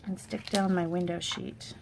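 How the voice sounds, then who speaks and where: An upbeat woman gives a casual crafting tutorial, chatty and friendly as she shows off each supply. Her voice has a gravelly, fry-tinged edge. A faint hum of noise sits under the recording. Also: fairly low pitch, little pitch movement, moderate pace, darkish tone. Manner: upbeat, chatty product walkthrough. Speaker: card-making demonstrator.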